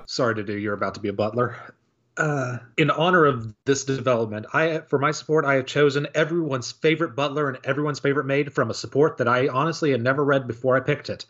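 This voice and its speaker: A man's voice: mid-range voice, fast talker, fairly bright tone. A man co-hosting a casual gaming podcast, joking and rambling with self-deprecating asides, on a dull recording. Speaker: podcast co-host. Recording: dull lo-fi audio.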